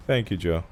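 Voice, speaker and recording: A man hosting a live stream, chatting casually with viewers in a teasing way, swearing freely and laughing often. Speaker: streamer host. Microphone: streaming mic through a mixer.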